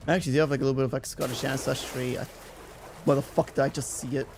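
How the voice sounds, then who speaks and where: A man's voice: mid-range voice, flat delivery, racing, noisy background. A man streaming a game, chatting casually, rambling and self-deprecating, swearing freely and laughing often.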